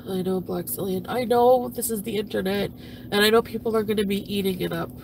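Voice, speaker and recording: A woman voicing a jilted, furious female streamer who is crude and self-pitying, for a puppet comedy. She swears constantly and swings between yelling and mumbling. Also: medium pitch, fairly even intonation, brisk, vocal fry, noisy background, lightly acted. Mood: deflated. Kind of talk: comedic impression of a livestream rant.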